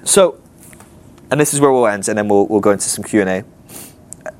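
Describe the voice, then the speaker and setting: A man's voice: on the low side, normal speed. A man teaching a ministry class in a conversational way, often acting out what people might say to themselves. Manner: animated, conversational, acts out quoted inner voices.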